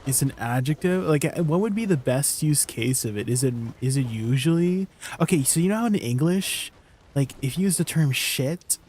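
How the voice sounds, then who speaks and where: A man's voice: on the high side, expressive, normal speed, darkish tone, a little hiss or hum. A man streaming, chatting casually and playfully with viewers. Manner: playful, chatty, laughing, reacting.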